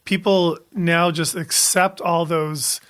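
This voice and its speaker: A man's voice: a little high, level tone, slow, fairly bright tone, clean tone. A man who is a doctor, co-hosting a podcast, talking casually and insistently, with many fillers. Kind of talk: casual conversation.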